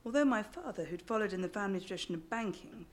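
An English woman reads from her own memoir to a live audience. Her pitch sits in the middle of the range, and she breaks off now and then for dry, joking asides. She tells the story in a wry, anecdotal way. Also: animated, quick pace. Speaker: author.

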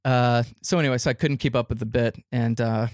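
A man's voice: steady tone, a little fast, dry recording. Rambling storytelling man, dry mic. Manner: rambling anecdotes, bursts into high-pitched quoted voices. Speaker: podcast guest, comedian. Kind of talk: casual storytelling chat.

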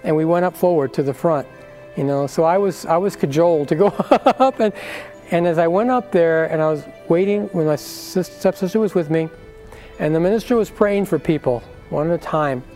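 A man's voice: fairly high pitch, normal speed, dark tone, soft background music. An older man giving an earnest personal faith testimony, acting out the voices of people in his story.

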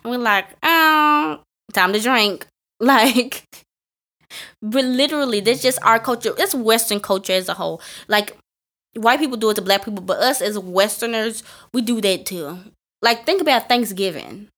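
A young woman co-hosting a podcast in casual chat, emphatic and animated, her voice climbing into exclamations. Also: fairly high pitch, normal speed. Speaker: podcast co-host.

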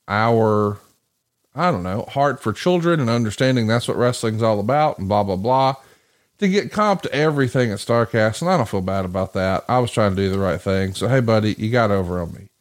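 A man's voice: on the low side, moderate pace. A man hosting a podcast, telling a story in casual chat with plenty of swearing and acted-out quotes. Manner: profane, animated storyteller acting out quoted voices. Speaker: podcast host.

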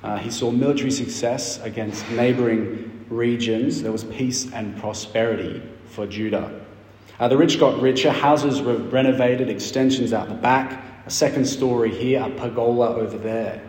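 A man's voice: medium pitch, fairly even intonation, a little mellow, slight background noise. Man preaching in a roomy hall. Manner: expository, emphatic with dramatic pauses. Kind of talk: sermon. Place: church hall. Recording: roomy church hall reverb.

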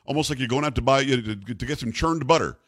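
A man's voice: mid-range voice, fast, dry recording. A middle-aged or older man hosting a talk radio show, rambling and incredulous in casual chat.

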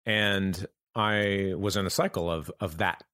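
Low-voiced man, halting and thoughtful. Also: fairly even intonation, sharp tone, smooth, no room sound, clean studio sound. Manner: halting, thoughtful, many restarts. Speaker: guest. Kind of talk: reflective conversation.

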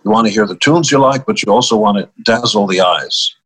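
A man's voice: fairly low pitch, fairly quick, fairly bright tone, slightly rough, rough recording. An older man, a musician guest in an interview, telling stories in a wry, easygoing way and laughing at his own punchlines. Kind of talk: storytelling interview talk.

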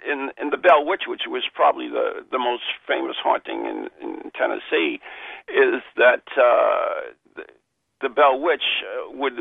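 A male radio host with a heavily gravelly, husky voice. His pitch moves about a lot as he rambles through stories in a chatty way. The close mic keeps the sound dry. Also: dry recording, narrow, tinny audio. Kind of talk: radio talk show.

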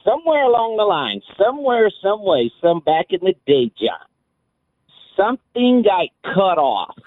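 A man calls in over a tinny phone line, his high voice swooping up and down as he ribs the host in a mocking, sing-song way. The sound is dry and narrow. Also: very animated, measured pace, dry recording. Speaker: caller. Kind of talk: trash-talking call-in banter.

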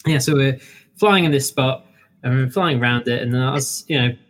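A man's voice: medium pitch, brisk, a bit bright. A man in casual chat, telling a story in a rambling way, with many fillers and restarts.

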